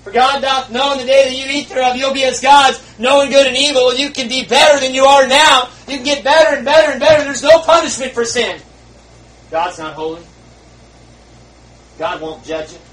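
A man voicing the devil as a sly, mocking tempter, loud and high above his own voice. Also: moderate pace, reverberant. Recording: distant mic, faint hiss.

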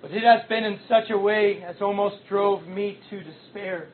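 A man preaching an impassioned sermon, his loudness rising and falling sharply as he speaks. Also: sits high, normal speed. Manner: impassioned, with big swings in loudness. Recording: tinny phone-like sound.

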